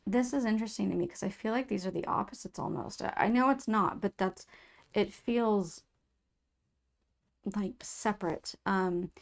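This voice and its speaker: Soft-spoken woman with a gravelly edge. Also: mid-range voice, moderate pace. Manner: soft, musing, reads card texts aloud. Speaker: tarot reader. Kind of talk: tarot reading to viewers.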